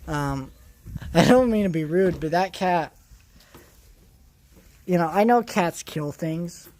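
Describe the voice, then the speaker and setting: A man's voice: fairly high pitch, lively intonation, takes it slowly, a little mellow, slight background noise. A man from California rambling casually in a vlog, with many restarts and fillers. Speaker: vlogger.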